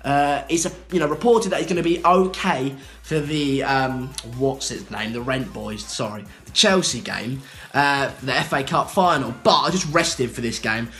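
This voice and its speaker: Joking football presenter. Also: male voice, medium pitch, normal speed, fairly bright tone, soft background music. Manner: joking, rambling. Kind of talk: casual self-recorded prediction.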